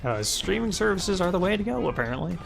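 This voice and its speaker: A man's voice: high-pitched, very animated, quick pace, vocal fry. A man giving casual gameplay commentary as a video creator, rambling with lots of fillers and chuckling at himself. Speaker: gaming YouTuber.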